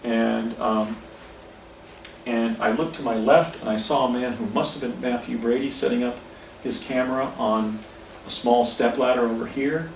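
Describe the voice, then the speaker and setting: A man's voice: medium pitch, fairly even intonation, normal speed, far from the mic. A man in his fifties tells a story in a rambling way, often stopping to correct himself and point at spots around him. He speaks outdoors, some way from the mic, so his voice echoes, with faint outdoor noise behind it. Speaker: speaker recounting an experience. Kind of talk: casual storytelling on location. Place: outdoors at a historic site.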